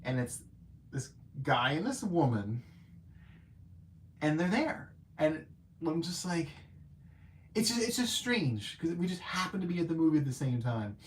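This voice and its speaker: This livestream movie reviewer is a man with a fairly high voice and a moderate pace who pauses often. He chats animatedly, full of filler words and playful self-mockery.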